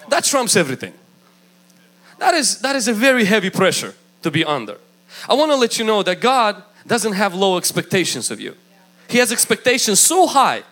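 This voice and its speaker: A man's voice: sits high, fairly bright tone. A man preaching a sermon with emphatic delivery, acting out the voices he quotes. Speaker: pastor.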